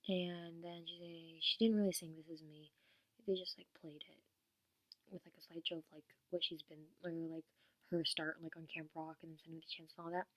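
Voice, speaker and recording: A woman's voice: lowish voice, flat delivery, a little fast, no echo. A teenage girl vlogging about a concert in a gushing, rambling way, full of "like" fillers, sometimes dropping to a whisper. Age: teens. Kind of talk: casual vlog chat.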